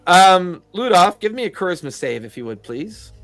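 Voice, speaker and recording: A man narrating a tabletop horror game as game master, slow and halting with fillers, over faint background music. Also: sits high, sing-song, fairly bright tone, dry recording.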